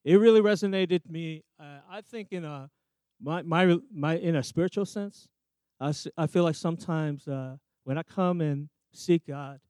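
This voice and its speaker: A man's voice: a little high, a little mellow, no room sound. A man in his thirties, a youth pastor, giving a rambling, self-joking sermon to a youth group on a microphone. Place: church youth service with audience.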